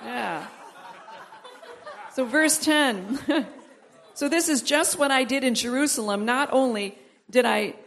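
A woman's voice: high-pitched, slow pace, pauses often, a bit bright, a faint crowd. A woman preaching a sermon, reading scripture aloud with asides, then building to emphatic repeated exhortations. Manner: reads verses aloud, breaks off with asides and laughs.

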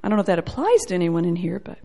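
A woman teaching a sermon in a church setting, animated and playful, acting out quoted voices as she goes. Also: lowish voice, racing, gravelly. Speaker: Bible teacher.

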